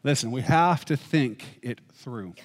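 A man's voice: medium pitch, unhurried. A man preaching a sermon, emphatic, and often asking rhetorical questions. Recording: echoey hall reverb.

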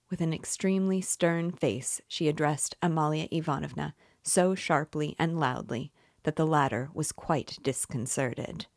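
Brief: a woman reading literature aloud at a steady pace, with a low voice and a dry, close recording. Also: no room sound. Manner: measured, even narration. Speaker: book club host.

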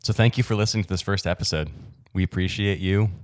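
A man co-hosting a podcast, giving a smooth, relaxed sign-off in a casual chat. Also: low-pitched, fast, no room sound, clean studio sound. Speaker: podcast co-host.

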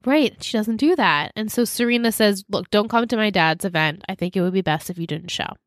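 A woman co-hosting a podcast, recapping episode scenes in casual chat and slipping quickly into characters' lines. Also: medium pitch, lively intonation, dry recording, studio quality. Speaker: podcast co-host.

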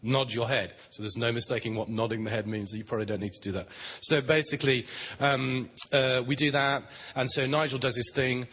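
A man speaks on prayer ministry at a Christian conference, giving a plain, conversational teaching with dry humor. His mid-range voice is level, a little fast and breathy-edged, captured in a dull, reverberant recording of a large conference hall.

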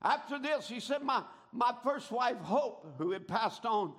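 A man preaching with a strikingly high voice. He tells his story dramatically, building up and bursting into shouts at the peaks. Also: animated, unhurried. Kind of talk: sermon.

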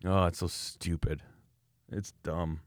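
On a casual podcast, a low-voiced Canadian man rants slowly, animated and scornful as he mocks his critics, talking like a knife maker trading stories. His voice is recorded close and dry, with no room sound.

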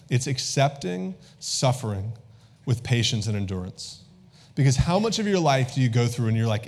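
A man in his thirties, a pastor, giving a lively call-and-response sermon in a church and asking the congregation for amens. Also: medium pitch. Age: 30s. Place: church sanctuary.

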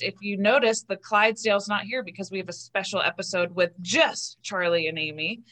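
A woman co-hosting a podcast, welcoming a guest and asking questions in a brisk, friendly way. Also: mid-range voice, fairly bright tone. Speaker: podcast co-host. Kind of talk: casual interview chat.

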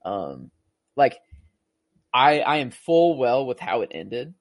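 Rambling man with a lively voice. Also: mid-range voice, slow, no echo. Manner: rambling, full of "like" fillers and restarts; emotional, gushing about the film. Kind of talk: casual movie discussion.

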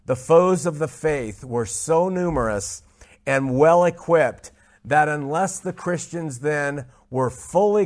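A man teaching a Bible study, speaking emphatically, repeating key points and slowing down to stress scripture. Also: on the high side.

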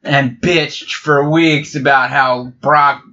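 A man co-hosting a podcast in casual banter, sarcastic with quick asides. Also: medium pitch, fairly even intonation, sharp tone, lo-fi sound. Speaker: podcast co-host.

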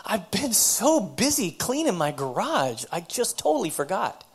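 Sex: woman. Figure: a preacher's put-on voice of an upset counseling client. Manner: high, exclaiming, pleading. Style: sermon anecdote. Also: sing-song, measured pace, slightly rough, full character voice. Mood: breezy excited. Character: distressed woman in counseling, emphatic.

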